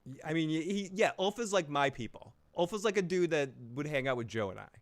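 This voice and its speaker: A man's voice: a little high, animated, quick pace. Profane rambling male stream host. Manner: rambling, profane, restarts often. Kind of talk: casual live review chat.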